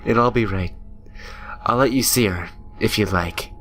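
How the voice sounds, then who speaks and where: A man reading the lines of an eerie little ghost girl in a game, soft and comforting. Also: lowish voice, moderate pace, faint music behind, natural voice. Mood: eerie, soothing.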